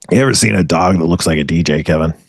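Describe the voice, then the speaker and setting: Very deep husky man, dry close mic. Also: dry recording. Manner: deadpan absurd storytelling with swagger. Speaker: comedy podcast co-host. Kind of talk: improvised comedic bit.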